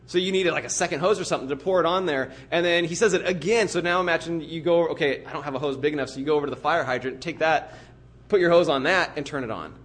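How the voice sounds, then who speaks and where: Preaching to his church, a pastor with a somewhat high, fairly bright voice talks fast and with earnest emphasis. He paints vivid everyday pictures to drive his sermon's point home.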